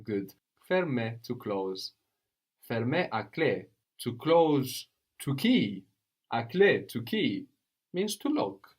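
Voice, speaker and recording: A man's voice: mid-range voice, big pitch swings, takes it slowly, breathy edge. Guy teaching a language class, patient, keeps asking "no?". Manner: patient, prompts with questions, tag "no?". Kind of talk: guided language lesson.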